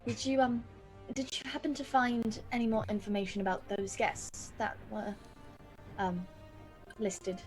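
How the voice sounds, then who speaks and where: A woman's voice: fairly high pitch, little pitch movement, measured pace, soft background music, low-quality recording. A woman playing a tabletop game who speaks hesitantly, with many fillers. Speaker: player. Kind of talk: casual tabletop game chat.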